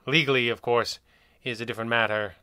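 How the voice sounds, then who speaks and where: A man's voice: medium pitch, steady tone, a little fast, sharp tone, clear, resonant tone, no room sound, studio quality, close to an everyday voice. A man voicing a fretful, hesitant asylum official giving warnings. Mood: nervous.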